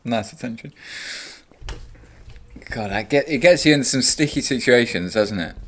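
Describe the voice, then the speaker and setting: A man's voice: mid-range voice, lively intonation, normal speed. A young man, co-hosting a podcast and chipping in with short, dry, teasing remarks. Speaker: podcast co-host. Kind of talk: casual chat.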